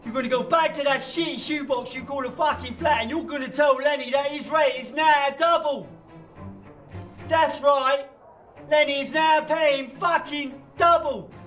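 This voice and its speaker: An actor playing a menacing gangster who shouts and swears as he threatens someone. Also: very high voice, fairly even intonation, normal speed, faint music behind. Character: menacing male gangster twin, brutal. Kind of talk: film acting. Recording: distant voice over film score.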